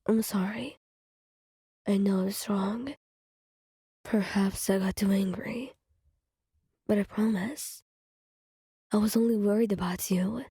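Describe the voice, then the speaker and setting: A guilty, avoidant young man soothes his partner in a whispered role-play, voiced by a woman. His voice is hushed, unhurried and breathy. It has a mellow, dark tone. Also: mid-range voice, steady tone, no room sound, studio quality. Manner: soft, apologetic, hushed. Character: avoidant young man, remorseful after yelling.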